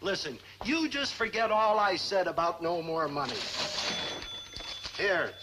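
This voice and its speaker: A gruff soft-hearted dad. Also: male voice, very animated, unhurried, background noise. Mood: gruff fond. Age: middle-aged. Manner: gruff, grumbling, booming. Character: gruff but soft-hearted father, grumbling grocer dad. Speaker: father. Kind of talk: 1960s sitcom acting.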